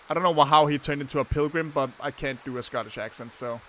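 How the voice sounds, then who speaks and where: A young man casually commenting while playing a game, sarcastic and quick to swear. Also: on the high side, animated, fairly bright tone, slight background noise, rough recording. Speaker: let's play gamer.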